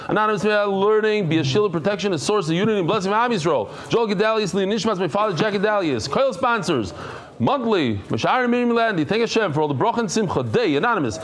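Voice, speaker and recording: A middle-aged man from the United States leading a Talmud class before a live audience, chatting, joking and quickly reading out names. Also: high-pitched. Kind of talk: casual class talk. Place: study hall with a live audience.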